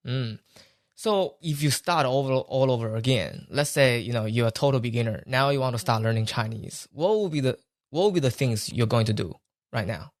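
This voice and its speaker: A man's voice: medium pitch, no echo. Dry, close podcast host, a man. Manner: brief backchannels, measured questions. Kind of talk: interviewer asking questions.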